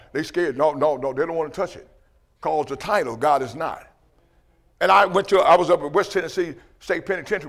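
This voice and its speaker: A man's voice: high-pitched, creaky, fairly bright tone. A man preaching a testimony sermon, emphatic and repetitive, often asking "you know what I mean" and restarting his words.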